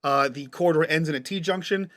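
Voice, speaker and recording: A man's voice: fairly high pitch, a little fast, fairly bright tone. A man narrating a tabletop game as game master, describing scenes patiently and checking what the players mean.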